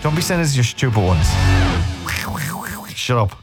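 A man's voice: mid-range voice, big pitch swings, normal speed, over loud music. An Irish man hosting a radio show, chatting casually and teasing listeners as he rambles through the day's topics. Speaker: radio host. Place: radio studio.

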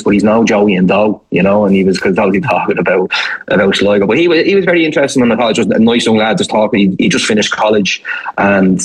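A man's voice: lowish voice, breathy edge, poor audio. A man working as a football journalist, talking at length in a casual, rambling radio discussion. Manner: rambling, thoughtful, many restarts.

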